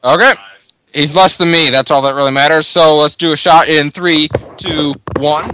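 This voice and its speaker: A man's voice: on the high side, fairly even intonation, moderate pace, sharp tone, slight background noise. A man hosting a casual podcast chat after a few drinks, loose and rambling. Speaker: podcast host.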